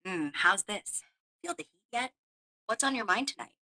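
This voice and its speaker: A woman's voice: mid-range voice, animated, moderate pace, bright, forceful tone, low-quality recording. A synthetic female AI voice playing a flirty, seductive female companion who murmurs teasing lines. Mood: sultry, teasing. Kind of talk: AI voice role-play.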